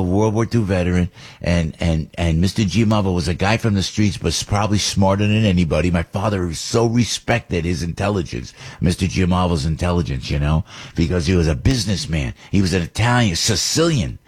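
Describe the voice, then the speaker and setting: An older man, hosting a talk radio show in an animated, rambling way with big jumps up in pitch. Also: breathy edge. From New Jersey. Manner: rambling and nostalgic.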